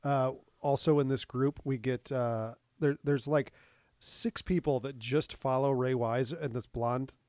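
A man's voice: medium pitch, fairly even intonation, measured pace, a little mellow, dry recording, studio quality. A man co-hosting a podcast, chatting casually about a movie, laughing often and chiming in with short agreements. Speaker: podcast co-host. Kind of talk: casual movie recap chat.

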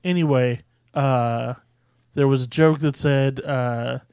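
A man co-hosting a podcast, chatting casually about a movie with dry, deadpan quips. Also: mid-range voice, slow pace, clear, resonant tone, dry recording. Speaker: podcast co-host.

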